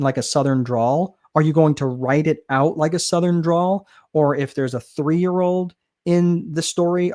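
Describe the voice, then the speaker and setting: A man's voice: a little high, darkish tone. A middle-aged man explaining how to write a book in a casual, rambling way, full of fillers and restarts. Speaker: business author and course host. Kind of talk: casual teaching monologue.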